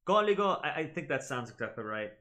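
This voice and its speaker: A man's voice: on the high side, sing-song, fast, crowd noise. A man hosting a gaming channel, giving a casual explanatory lesson on pronunciation and repeating words aloud to demonstrate them. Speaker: gaming channel host teaching Latin.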